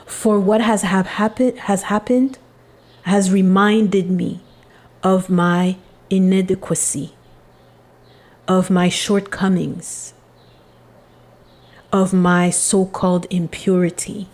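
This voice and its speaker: A woman channeling a remorseful family member who pleads for forgiveness during a spiritual reading, speaking in a slow, solemn, halting way. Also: medium pitch, little pitch movement, darkish tone, lightly acted.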